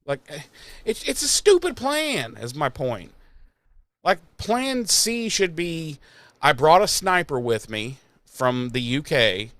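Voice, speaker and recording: Sarcastic rambling man, crisp dry voice. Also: a little high, very animated, takes it slowly, fairly bright tone, no echo. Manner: rambling, sarcastic, swears freely. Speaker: podcast host. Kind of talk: casual recap chat.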